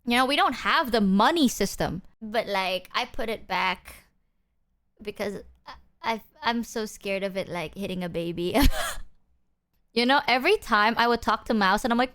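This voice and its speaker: High-voiced streamer girl chatting casually, animated, rambly, swears a ton. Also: normal speed. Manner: animated, rambling, swears often, laughs a lot. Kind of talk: casual chat.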